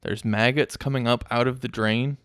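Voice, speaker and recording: Man, mid-pitched voice, dry close sound, laid-back film chat, hesitant restarts. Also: normal speed, smooth, no echo. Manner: relaxed, filling in story details, with hesitant restarts. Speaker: podcast co-host. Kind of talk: casual movie review chat.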